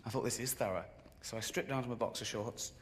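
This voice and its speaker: A man performing a stand-up routine on a live stage. He tells stories deadpan and breaks into sudden high-pitched outbursts. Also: quick pace, slight background noise. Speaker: stand-up comedian.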